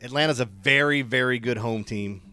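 A man's voice: medium pitch, moderate pace, bright, forceful tone. A man co-hosting a sports radio show, joking and bantering casually about betting picks. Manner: playful, jokes and breaks into song.

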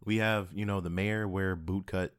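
A man with a lowish voice chats casually on a podcast, laid-back and swearing freely. He jokes loosely with his co-host. The recording is close and dry. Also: fairly even intonation, moderate pace, no room sound. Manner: laid-back, profane, joking. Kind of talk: casual chat.

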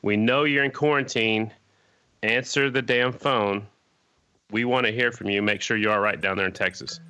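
A man co-hosting a casual podcast chat, telling animated stories. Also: on the low side, fairly quick, clear, resonant tone. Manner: animated anecdote teller. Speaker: podcast co-host.

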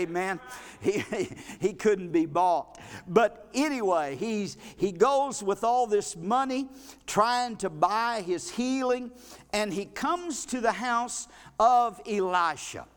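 A male pastor, preaching a folksy, animated sermon in a church, with frequent restarts. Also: high-pitched, slow pace. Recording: long reverb of a hall.

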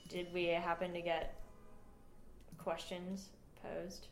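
A woman co-hosting a podcast in casual chat, playful and quick to laugh. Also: lowish voice, little pitch movement, slight background noise. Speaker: podcast co-host. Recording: echoey room.

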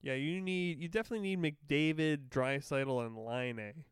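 A man's voice: a little high, moderate pace, clean tone, dry recording, clean studio sound. A young man casually chatting about hockey as a podcast co-host, rambling with lots of fillers and the odd swear.

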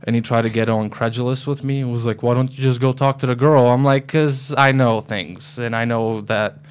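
A man's voice: medium pitch, steady tone, fairly quick, clean tone. A man as a podcast guest, chatting casually and telling a rambling story full of fillers. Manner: loose storytelling with lots of fillers. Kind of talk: casual chat.

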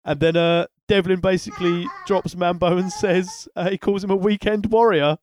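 A man's voice: high-pitched, steady tone, normal speed, a little mellow, no echo. A man co-hosting a wrestling podcast in casual chat, with dry wry humor and a hesitant, filler-laden delivery.

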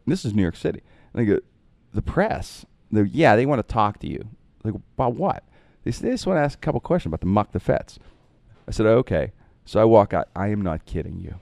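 A man spins animated anecdotes from his broadcasting days, slipping into other people's voices as he goes. His voice sits low and mellow. The sound is dry and close. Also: fast talker, creaky, no echo. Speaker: radio broadcaster telling stories. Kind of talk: casual storytelling on a podcast.

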